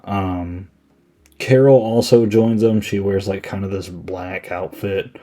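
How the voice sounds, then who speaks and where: A man's voice: deep voice, steady tone, slow pace, mellow. A man hosting a podcast, recapping a movie in a casual, rambling way, full of "like" and "um". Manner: rambling, filler-heavy, laid-back. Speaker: podcast host.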